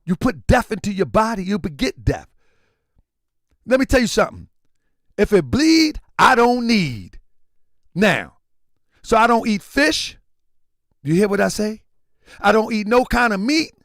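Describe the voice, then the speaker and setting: A man's voice: high-pitched, unhurried, long pauses, no room sound, clean studio sound. A man hosting a livestream, talking casually and preaching at times, often raising his voice. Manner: animated, preachy, shouting at times. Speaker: livestream host.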